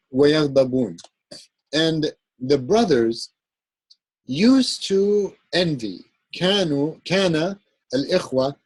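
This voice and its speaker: A man's voice: fairly high pitch, a little mellow, slightly rough, no room sound, low-quality recording. A man teaching an Arabic grammar class, explaining patiently and often checking in with "right?" as he goes. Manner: halting, with fillers and self-corrections. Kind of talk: classroom lecture.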